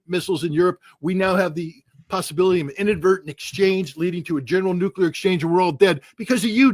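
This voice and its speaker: A furious man from the United States lays out his views as an interview guest, in a sharp, heated rant full of sarcasm. His voice sits a little high. The sound is dry and close, with no room around it. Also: no echo. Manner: angry, forceful, ranting, cutting sarcasm. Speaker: guest commentator. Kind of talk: heated political commentary.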